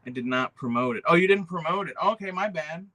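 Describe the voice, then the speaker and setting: A man's voice: fairly high pitch, animated, fast talker, bright, forceful tone. A man hosting a livestream, rambling casually, cursing often and answering the chat. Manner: rambling, profane, reads chat aloud. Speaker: livestream host.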